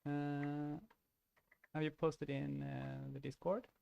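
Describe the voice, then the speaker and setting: A man's voice: a little high, little pitch movement, slow, vocal fry, a little mellow, highs cut off. A man giving casual commentary on an online card game, thinking aloud, restarting his sentences and laughing easily.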